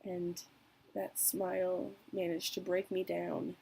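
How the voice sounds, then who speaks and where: A young woman speaking candidly and emotionally in a personal vlog, with trailing pauses. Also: on the low side, flat delivery, vocal fry, mellow, breathy edge, rough recording. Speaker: vlogger.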